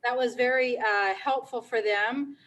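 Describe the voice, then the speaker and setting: A woman's voice: a little high, fairly even intonation, measured pace, fairly bright tone, poor audio. A woman band teacher politely asking a guest expert questions for her students.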